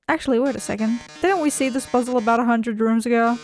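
A woman's voice: fairly high pitch, fairly even intonation, quick pace, few pauses, faint music behind. A woman playing a game and reading its dialogue aloud in silly voices, with a sarcastic manner and frequent swearing. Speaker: let's play gamer.

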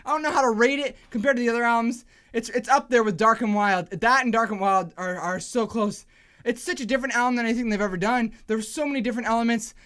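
A woman reacting to a song in a vlog, shouting, swearing and near tears with excitement. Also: a little high, fast talker. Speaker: reaction vlogger. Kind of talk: music reaction video.

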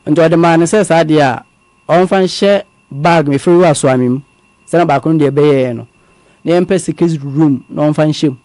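Male guest, measured testimony, slightly high but warm tone. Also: dry recording. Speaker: guest telling his story. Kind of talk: conversational testimony.

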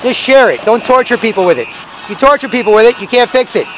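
A man's voice: very high-pitched, lively intonation, fast. A man giving a rambling, profane, preachy monologue outdoors on city streets. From Canada. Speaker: street vlogger. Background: faint traffic.

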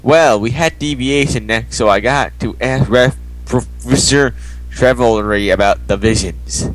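A man's voice: medium pitch, unhurried. A man casually reading fan fiction aloud and stopping to question what it means. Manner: puzzled, questioning interjections. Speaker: co-reader. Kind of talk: casual comedic reading and banter.

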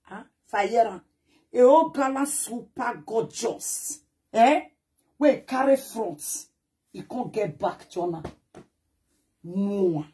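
A very husky, raspy older woman with a Nigerian Pidgin accent, boasting to camera. Her voice sits a little high, and her talk is animated, swinging from muttering to loud bursts. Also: takes it slowly. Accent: Nigerian Pidgin English. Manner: boastful, animated, shouts at times.

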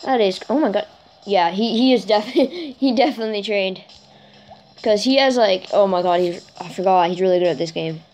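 An excitable woman commenting on her own gameplay, chatty and self-conscious, with bursts of high squealing cheers. Her voice sits at an ordinary middle pitch for a woman. Faint game music plays underneath. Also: normal speed. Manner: self-conscious, keeps apologizing for freaking out. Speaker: gaming channel creator. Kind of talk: let's play commentary.

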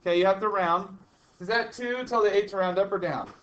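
A man's voice: high-pitched, a little fast, fairly bright tone, lo-fi sound. A male chemistry teacher lecturing a class, chatty and teasing, repeating the key points. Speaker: high school chemistry teacher.

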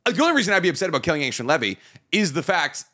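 A man's voice: a little high, very fast. A man co-hosting a podcast in casual chat, swearing often, cracking jokes and talking animatedly. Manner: profane, animated, jokey. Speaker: podcast co-host.

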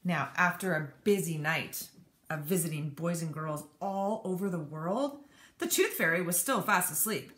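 A woman teacher reading a children's storybook aloud, animated and expressive. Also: lowish voice, normal speed. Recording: echoey room.

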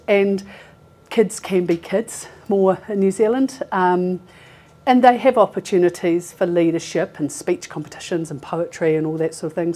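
This healthcare recruiter, a woman in her forties, has a lowish, warm voice. Speaking to a live audience in a meeting room, she keeps her talk casual and chatty, full of fillers and frequent laughter.

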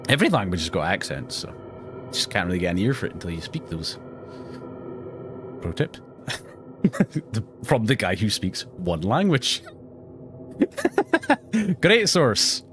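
A man's voice: low-pitched, sing-song, normal speed, pauses often, music in the background. A Scottish man with a self-mocking, joking manner, commentating a horror game. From Scotland. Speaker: gaming YouTuber. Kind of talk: let's play commentary.

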